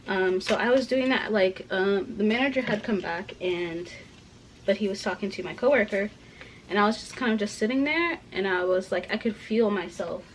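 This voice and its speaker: A young woman rambling through a casual rant at home while packing, full of "like" fillers, dipping into soft asides. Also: mid-range voice, slight background noise, low-quality recording. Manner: rambling, heavy use of "like" fillers; drops to soft asides about clothes. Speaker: vlogger.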